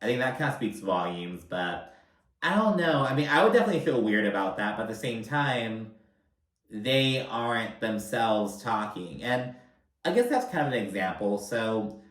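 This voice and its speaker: A man's voice: on the low side, expressive, moderate pace, fairly bright tone, far from the mic. A young man giving a casual, chatty reality-TV recap with lots of filler words and swearing. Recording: roomy sound, voice a bit off-mic.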